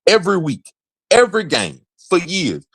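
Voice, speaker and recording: A young man co-hosting a casual sports podcast, talking in slangy, animated bursts and acting out imagined conversations. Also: high voice, normal speed, slightly rough, no room sound. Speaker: podcast co-host.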